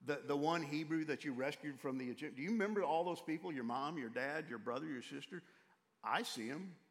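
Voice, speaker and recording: A man's voice: fairly high pitch, a little fast, close to an everyday voice. A man voicing God as a caring deity who presses with pointed questions, in a big reverberant hall. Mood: urgent pleading. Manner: urgent, questioning. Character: God, a probing, caring male divine voice.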